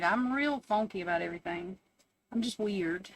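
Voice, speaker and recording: A woman's voice: medium pitch, a little fast, a bit bright, slight background noise. A woman hosting a casual live stream from home, chatting, swearing freely, laughing often and answering her chat.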